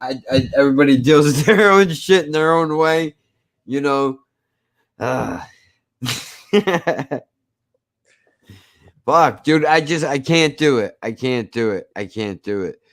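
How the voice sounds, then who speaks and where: A man's voice: fairly high pitch, slow, long pauses. A man from New Jersey hosting a podcast, ranting emphatically in casual chat, repeating himself and swearing. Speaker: podcast host.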